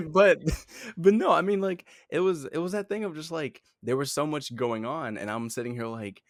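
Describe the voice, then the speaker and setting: A man's voice: on the high side, normal speed, no room sound, studio quality. A young man in his twenties, co-hosting a podcast, talking in a hesitant way and laughing easily. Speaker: podcast co-host. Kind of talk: casual chat.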